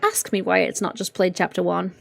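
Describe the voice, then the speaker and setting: Expressive woman streaming a game. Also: lowish voice, brisk, vocal fry, a little hiss or hum. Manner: expressive, swears often, playfully self-mocking. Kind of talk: casual live game commentary.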